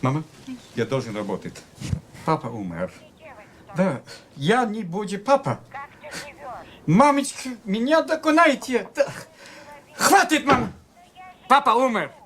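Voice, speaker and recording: A man's voice: sits high, big pitch swings, unhurried, long pauses, a bit bright, heavily acted. An actor playing a comic Russian male doctor with a Russian accent, talking in an over-the-top way and slipping between Russian and English, in a film clip. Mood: exasperated. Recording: film clip with crowd noise behind.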